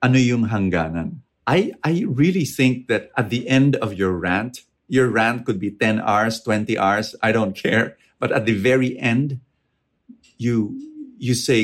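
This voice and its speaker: A man answers audience questions about faith in an earnest, conversational way. He leans hard on key points and often repeats words as he builds up. His voice sits at an ordinary middle pitch. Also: animated, measured pace. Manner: earnest, emphatic, repeats words when stressing.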